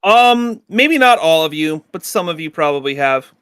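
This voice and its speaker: A young man runs a tabletop game, rambling casually through his narration with plenty of filler words. His voice sits a bit high and rings bright. The recording is dry and close. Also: expressive, moderate pace, smooth, no room sound. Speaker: dungeon master.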